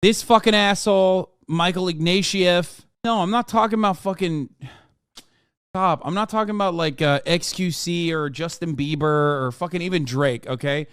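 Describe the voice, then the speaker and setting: High-voiced, smooth, sarcastic man streaming. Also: no room sound, clean studio sound. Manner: profane, sarcastic ranting; fast, flat reading of quoted text. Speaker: streamer host. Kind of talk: live-stream commentary, reading articles aloud.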